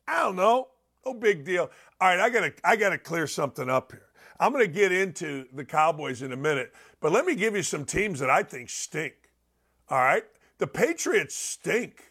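Animated ranting male sports host. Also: high voice, moderate pace, slightly rough. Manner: loud, animated, ranting, swings into shouts. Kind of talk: opinionated sports talk.

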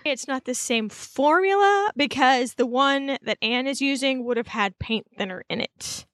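A woman co-hosting a podcast, telling the story in a chatty, animated way full of asides. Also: high-pitched, unhurried, no room sound. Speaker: podcast co-host. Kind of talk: casual recap chat.

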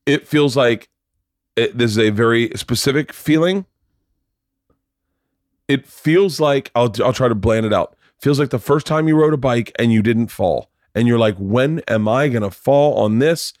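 A man's voice: medium pitch, lively intonation, moderate pace, dry recording. A middle-aged man in casual chat, telling stories animatedly, acting out voices and swearing freely on a close mic. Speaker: podcast guest, husband of host.

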